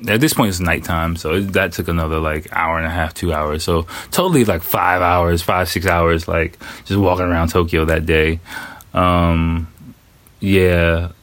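A man's voice: deep voice, fairly even intonation, moderate pace, a bit bright. A man casually recounting a personal story in a loose, profane way, with lots of fillers and quoted asides. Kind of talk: casual spoken monologue. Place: living in Japan.

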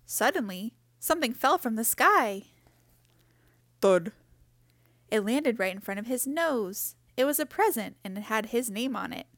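A woman reading a children's picture book aloud in a gentle, expressive way. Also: fairly high pitch, dry recording, clean studio sound. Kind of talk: storybook read-aloud.

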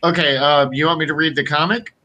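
A man's voice: a little high, fairly even intonation, fairly quick, pushed and bright. A man in a casual stream chat, blunt and offhand.

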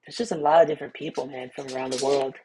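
A man's voice: medium pitch, steady tone, rapid-fire, warm tone, a little hiss or hum. A young man hosting a solo podcast, rambling in a laid-back way with many restarts and fillers. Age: young adult. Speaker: podcast host. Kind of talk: casual solo podcast monologue.

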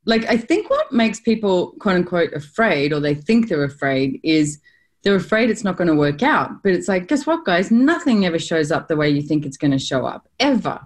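An Australian woman with a voice on the low side and a moderate pace hosts a podcast in a casual conversational interview. She chats and tells stories with animation, laughs often, and acts out the quotes she relays.

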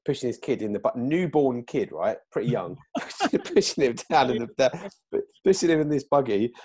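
A man co-hosting a podcast, telling an animated, joking anecdote. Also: medium pitch, moderate pace, slight background noise. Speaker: podcast co-host. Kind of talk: casual chat.

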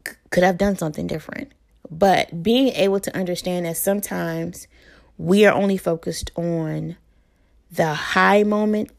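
Woman, 30s to 40s, gravelly voice, casual parenting advice, conversational, fillers and restarts. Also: medium pitch. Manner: conversational, with frequent fillers and self-corrections. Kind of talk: casual advice talk to camera.

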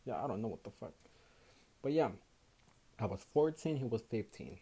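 A man's voice: mid-range voice, sing-song, normal speed, warm tone, husky. Tired young man with a Mexican Spanish accent. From Houston, Texas, USA. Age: young adult. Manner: swears a lot, switches between English and Spanish. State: tired after night shift. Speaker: podcast host. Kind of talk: casual solo podcast monologue.

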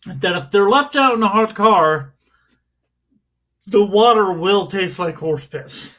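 A man's voice: sits high, fairly bright tone. Man ranting in mock outrage. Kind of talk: casual complaint chat. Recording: dull lo-fi sound.

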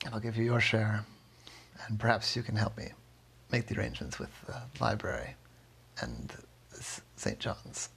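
A man voicing a wealthy, bossy man who owns a treasure map, in a soft, unhurried storytelling voice. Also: fairly low pitch, sing-song, vocal fry, breathy edge, full character voice. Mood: pleased.

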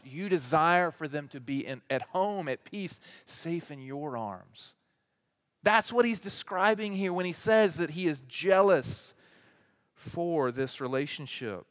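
A man preaching a sermon as teaching pastor, building to emphatic peaks and then dropping soft, with repeated rhetorical lists. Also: fairly high pitch, animated, takes it slowly.

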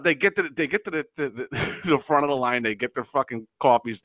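A man riffs unscripted on his podcast, cursing freely and rambling through exasperated complaints. His slightly high voice leaps around in pitch. The sound is dry and close, with no room around it. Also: lively intonation, bright, forceful tone, no room sound. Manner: profane, exasperated, mocks people in quick impressions; rambling, unscripted, frequent fillers and chuckles. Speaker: podcast host. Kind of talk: casual comedic rant.

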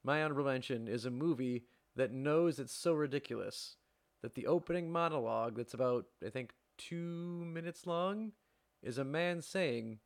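A man's voice: mid-range voice, moderate pace, creaky. A man co-hosting a casual movie chat, laughing often and rambling with lots of fillers. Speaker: podcast co-host.

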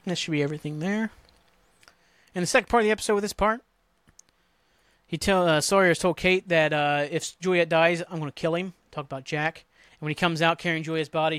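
A man's voice: on the high side, fairly even intonation, fairly quick, fairly bright tone, clear, resonant tone, no echo. A man hosting a podcast, casually recapping a TV episode in a rambling, profane, exasperated way. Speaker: podcast host.

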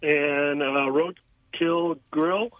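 A man's voice: a little high, fairly even intonation, extremely slow, no echo. A man calling in to a radio show, hesitant and full of fillers. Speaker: caller. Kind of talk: phone call to a radio show. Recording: tinny phone line.

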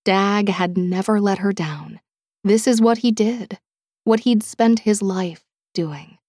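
A woman reading an audiobook in a measured, dramatic way, dropping to a hush at tense moments. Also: medium pitch, no echo, studio quality. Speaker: audiobook narrator. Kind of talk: scripted audiobook narration.

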